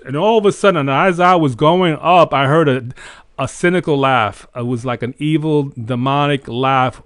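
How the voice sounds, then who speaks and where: A man's voice: fairly high pitch, no room sound, clean studio sound. Earnest man recounting a dream. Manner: earnest storytelling, animated retelling. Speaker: host. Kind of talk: casual testimony.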